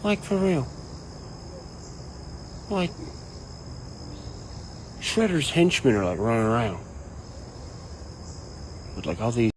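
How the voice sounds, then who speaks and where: A man ranting casually and profanely, rambling and animated. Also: medium pitch, takes it slowly, long pauses, a little hiss or hum, poor audio. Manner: profane, rambling, animated, quotes people in mock voices. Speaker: online commentator. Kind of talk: casual rant to camera.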